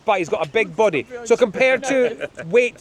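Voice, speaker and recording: A man's voice: high voice, animated, moderate pace, vocal fry, a crowd in the background. A middle-aged man, a falconer, showing birds of prey outdoors on a windy hilltop, telling chatty, joking anecdotes. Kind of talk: hands-on demonstration with storytelling.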